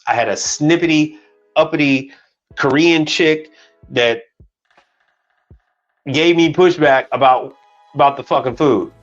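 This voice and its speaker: A man's voice: on the high side, a little slow, long pauses, a bit bright, highs cut off, faint music behind. A man hosting a casual livestream, telling stories bluntly and with plenty of profanity, acting out the dialogue. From Chicago. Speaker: livestream host.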